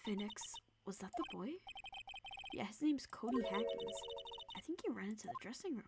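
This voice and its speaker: Expressive woman streamer reading game lines. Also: mid-range voice, brisk, gravelly, very noisy. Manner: playful, expressive. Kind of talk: reading game dialogue aloud with voices. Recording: loud game music behind.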